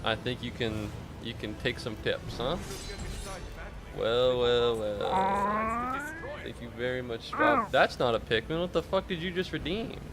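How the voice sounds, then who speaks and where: A man streaming a game and chatting with viewers in a casual, deadpan, mock-serious way, with some swearing. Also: medium pitch, normal speed, few pauses. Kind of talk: casual gameplay chat with viewers.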